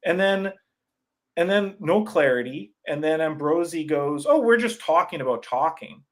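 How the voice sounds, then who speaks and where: A man chatting as a podcast guest in a sparse room of his new house, rambling and animated, laughing often. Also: a little high, moderate pace. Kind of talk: casual sports chat.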